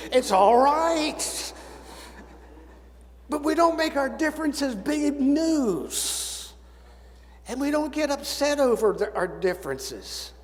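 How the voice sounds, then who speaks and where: Older male preacher, high voice, reverberant church. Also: darkish tone. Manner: folksy storytelling with dry humor. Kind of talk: sermon. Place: church sanctuary. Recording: church sanctuary with long reverb.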